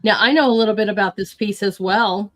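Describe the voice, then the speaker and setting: A middle-aged woman hosting a casual chat, gushing with warm, effusive praise. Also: mid-range voice, a little fast. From United States. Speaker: host.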